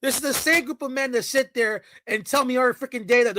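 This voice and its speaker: A man's voice: very high-pitched, quick pace, few pauses, bright, forceful tone, no room sound, rough recording. A man ranting in a heated, profane reaction commentary, full of mocking and sarcastic asides.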